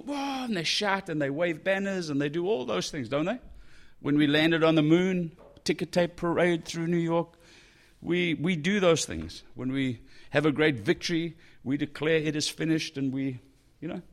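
A man preaching a sermon in a conversational, animated way, breaking into exclamations as he reads and explains a passage. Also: fairly high pitch. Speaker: pastor.

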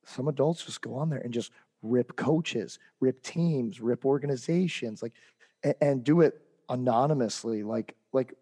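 A man's voice: medium pitch, a little slow, mellow, breathy edge. A man co-hosting a hockey podcast, telling a heated coaching story in casual chat with lots of fillers and restarts.

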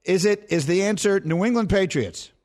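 A man's voice: sits high, moderate pace, a little mellow. A man hosting a sports call-in radio show, bantering playfully and teasing in a game-show manner.

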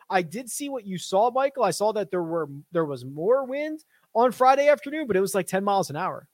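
Young male stream host, high-pitched, dry close sound, chatty and self-deprecating. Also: no room sound. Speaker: host of a fantasy golf stream. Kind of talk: casual live-stream Q&A reading chat.

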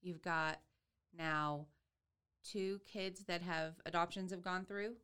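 A woman's voice: lowish voice, steady tone, takes it slowly, a bit bright, clear, resonant tone. A woman hosting a podcast interview, affirming her guest with many fillers and restarts. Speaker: podcast host. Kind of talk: casual interview chat.

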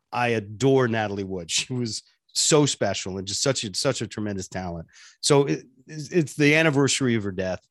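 A man who is a radio personality, telling stories as an interview guest in an animated way and laughing often. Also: medium pitch, no room sound, studio quality. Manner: animated, laughs often, jumps between voices. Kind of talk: casual interview storytelling.

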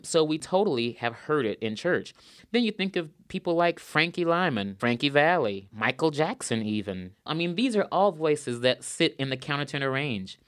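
A man's voice: on the high side, animated, normal speed, fairly bright tone, no room sound, clean studio sound. A man, an opera singer, answering interview questions in an earnest, thoughtful way and repeating words for emphasis.

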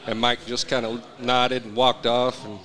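A former player telling stories in a casual podcast chat, acting out quotes and swearing, recorded live at a restaurant. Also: male voice, medium pitch, moderate pace. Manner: animated storyteller, acts out quotes, swears.

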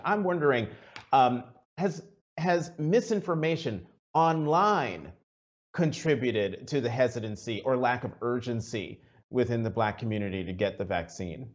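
A man hosting an interview over a video call, asking questions in a conversational way with personal asides. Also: mid-range voice. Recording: dull video call audio.

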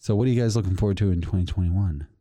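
A man co-hosting a casual podcast, spinning a story with plenty of laughter. His voice sits fairly low and mellow. The sound is dry and close. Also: very fast, dry recording. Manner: animated storyteller, laughs often. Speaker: podcast co-host. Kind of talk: casual chat.

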